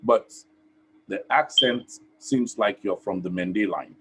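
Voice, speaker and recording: A man from Sierra Leone with a Sierra Leonean accent, giving earnest, emphatic commentary on a live stream in short, paused phrases. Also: lowish voice, husky, low-quality recording. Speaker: online TV host and activist. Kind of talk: direct-address commentary.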